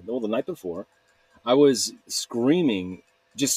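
A man's voice: mid-range voice, moderate pace, a little mellow, husky, no echo. A man talking to camera in a rambling, candid way, often laughing at himself. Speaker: video blogger. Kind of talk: casual confessional monologue.

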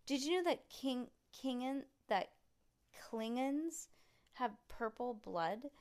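A woman's voice: high-pitched, expressive, darkish tone, voice pushed up. A woman reading aloud, voicing an eager young boy who fires off facts and questions. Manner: eager, rapid-fire questioning. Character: chatty excitable young boy full of facts.

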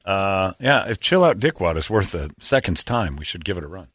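Man, radio host, casual banter, bright tone, dry studio sound. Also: low voice, big pitch swings, brisk, slightly rough, no echo. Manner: joking, laughs often, rambling.

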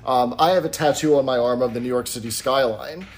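A man's voice: medium pitch, brisk. A man co-hosting a podcast, chatting casually and a little hesitantly. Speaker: podcast co-host.

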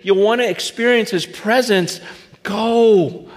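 High-voiced male preacher in a reverberant hall. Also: slow. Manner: conversational storytelling with many fillers and restarts; acts out dialogue, rising to shouts. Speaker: pastor. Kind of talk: sermon.

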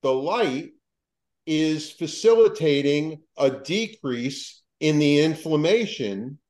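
A man, a psychologist, telling a story as a podcast guest in a lively way, quoting people and restarting his sentences. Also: on the high side, slow pace, low-quality recording.

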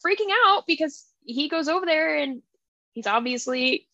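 A young woman co-hosting a casual book podcast, retelling scenes in an animated, gushing way with lots of fillers. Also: high voice, moderate pace, no echo, muffled recording. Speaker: podcast co-host.

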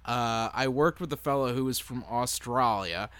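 A man co-hosting a podcast in casual chat, jokey and animated as he tells stories. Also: medium pitch, moderate pace, smooth, no room sound. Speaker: podcast co-host.

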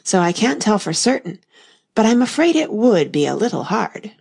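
A woman voicing a gentle, bumbling old male knight who rambles on earnestly and solemnly about his inventions, in an audiobook reading. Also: medium pitch, sing-song, moderate pace, gravelly, husky, voice pushed up, exaggerated voice.

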